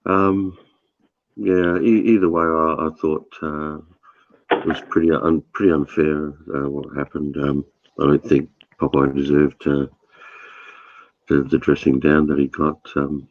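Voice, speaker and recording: A man with a stuffy nose, hosting a relaxed voice chat with easygoing, hesitant talk. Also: very deep voice, a little slow. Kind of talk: casual chat. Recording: slightly dull mic with faint noise.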